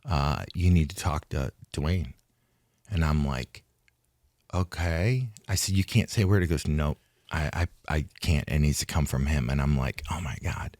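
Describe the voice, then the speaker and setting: Casting: very low male voice, dry studio sound, rambling retired fighter recounting events. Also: unhurried, darkish tone, dry recording. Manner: rambling, restarts, acts out quoted talk. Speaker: retired fighter, interview guest. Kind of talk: casual storytelling interview. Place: studio in Hollywood.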